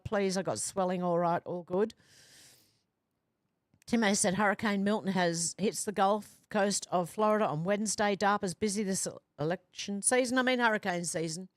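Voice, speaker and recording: A woman's voice: mid-range voice, dry recording, studio quality. A woman hosting a casual livestream, reading viewer comments aloud and adding chatty asides with fillers. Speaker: livestream host.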